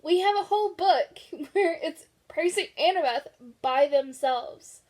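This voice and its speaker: A woman's voice: sits high, lively intonation, unhurried, noisy background. A young woman vlogging about books in casual chat, chatty and gushing, laughing often. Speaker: book vlogger.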